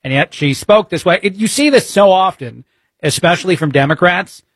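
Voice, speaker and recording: A man's voice: high voice, lively intonation, normal speed, a bit bright, slightly rough, dry recording. A man filling in as a talk radio host, giving an indignant, sarcastic monologue full of "uh" fillers.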